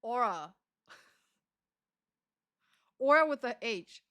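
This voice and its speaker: A woman's voice: on the high side, lively intonation, extremely slow, long pauses, fairly bright tone, smooth. A woman streamer chatting casually to her live audience, giggling often as she talks. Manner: giggly, laughs often between words.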